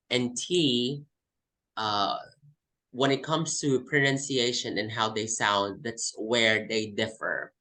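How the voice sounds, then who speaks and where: A man's voice: mid-range voice, pushed and bright, rough recording. A man from the Philippines, teaching an English test class and explaining by repeating example words. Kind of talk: online class lesson.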